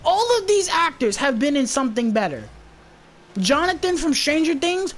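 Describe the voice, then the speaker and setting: A woman's voice: high voice, lively intonation, moderate pace, a bit bright. A woman giving a casual movie review, rambling and swearing in an exasperated rant. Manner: rambling, profane, exasperated ranting.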